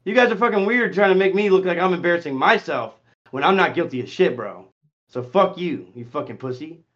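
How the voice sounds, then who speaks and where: Male streamer, heated and profane in voice chat, somewhat high voice, muffled lo-fi audio. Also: expressive, fairly quick. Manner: profane and confrontational, swings between muttering and shouting.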